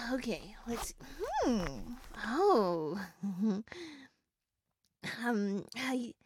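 A woman playing a giggly, breathy wish fairy. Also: on the high side, animated, very slow, dry recording, full character voice. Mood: flustered. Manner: giggly, rambling, stammering with many fillers. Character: giggly flustered female wish-granting fairy, small and chatty. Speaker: audio role-play performer. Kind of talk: audio role-play.

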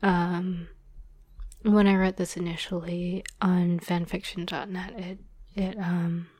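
Young woman, whispered role-play talk, breathy and dry, slow and flat, rambling with fillers. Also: fairly low pitch, no room sound. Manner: soft rambling whisper with many fillers and light laughs. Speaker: audio drama script writer.

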